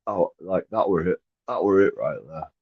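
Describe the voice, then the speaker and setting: A man, rambling profanely on a live stream and swinging between mumbled asides and loud outbursts. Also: sits low, normal speed, husky, no room sound. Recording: dry, dull lo-fi sound.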